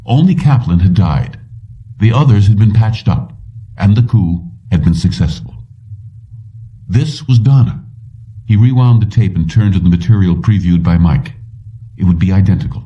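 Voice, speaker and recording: A man narrating an audiobook in a steady, even reading style. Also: deep voice, normal speed, pauses often, far from the mic, lo-fi sound. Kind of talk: scripted narration.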